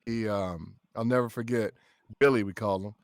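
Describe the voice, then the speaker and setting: A man, a voice actor guest, chatting on a livestream and telling lively stories with frequent laughs. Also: lowish voice, moderate pace, no echo, studio quality. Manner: animated storyteller, laughs often. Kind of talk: casual livestream chat.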